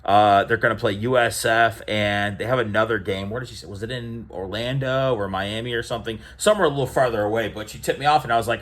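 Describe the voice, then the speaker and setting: A man's voice: fairly low pitch, fast, few pauses. A young man chatting casually to camera about opening sports cards, rambling and storytelling with lots of fillers and restarts, livening up when he retells conversations. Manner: animated when retelling exchanges. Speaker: card collecting vlogger.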